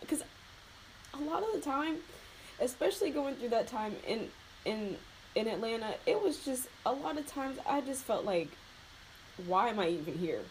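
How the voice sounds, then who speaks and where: A woman's voice: high voice, very animated, moderate pace, a little hiss or hum, rough recording. A young woman, a beauty vlogger, chatting loosely while she does her makeup. She sounds heartfelt and close to tears, with lots of fillers and laughter. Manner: emotional and heartfelt, near tears. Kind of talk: casual chat while doing makeup.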